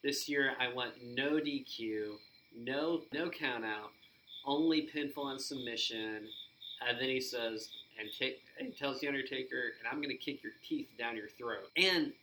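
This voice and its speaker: A man co-hosting a podcast, excitedly recapping events and acting out quoted lines in casual chat. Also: mid-range voice, unhurried, slight background noise, poor audio. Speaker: podcast co-host.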